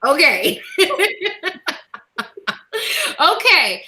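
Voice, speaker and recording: A woman's voice: high-pitched, sing-song, extremely slow, bright, forceful tone, poor audio. A woman hosting a casual video chat, talking in an emotional, laughing way with plenty of dialect. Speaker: YouTube host.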